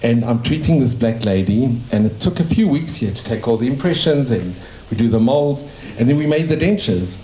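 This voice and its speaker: A man's voice: medium pitch, animated, a little fast, hardly any pauses, warm tone, a little hiss or hum. A man in his sixties from South Africa, a dentist telling his life story in a cafe in a rambling, anecdotal way. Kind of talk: casual storytelling to a small audience. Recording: echoey cafe room.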